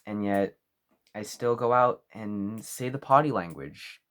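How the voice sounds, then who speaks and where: A young man talking to camera in a mock-serious apology video, over-earnest and halting. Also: lowish voice, fairly bright tone. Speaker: vlogger.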